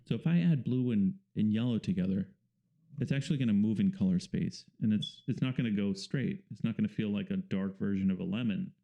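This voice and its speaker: A man, a painter and the guest, talking casually in an interview and explaining things in a relaxed, rambling way with fillers. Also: on the low side, fairly quick, vocal fry, highs cut off.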